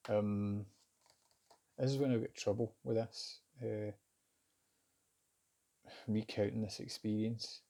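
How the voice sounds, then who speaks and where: Gravelly low-voiced Scottish man telling a story. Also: steady tone, takes it slowly, pauses often, dark tone. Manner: rambling and hesitant, with many fillers and restarts. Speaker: vlogger recounting a job interview. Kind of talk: casual spoken storytelling.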